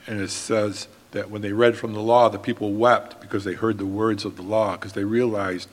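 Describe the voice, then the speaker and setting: A man preaching a sermon as pastor, in an earnest, steady manner. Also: on the low side, normal speed, hardly any pauses, in a large hall.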